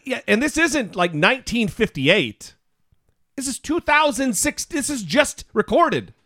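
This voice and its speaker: A man's voice: very high voice, sing-song, a little slow, sharp tone, no echo, studio quality. A man co-hosting a podcast, giving casual political commentary in a sarcastic way and swearing often. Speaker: podcast co-host.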